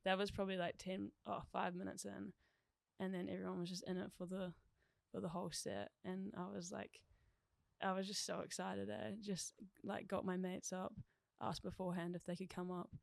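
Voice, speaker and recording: Bubbly young New Zealand woman, creaky. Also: lowish voice, normal speed, no room sound, clean studio sound. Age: young adult. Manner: excitable, laughs often, lots of "like". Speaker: DJ, podcast guest. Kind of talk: casual chat.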